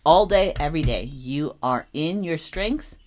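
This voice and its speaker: Young female tarot reader, deep-set voice, expressive and repetitive delivery. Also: unhurried. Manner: animated, repeats phrases for emphasis. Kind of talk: casual tarot reading monologue.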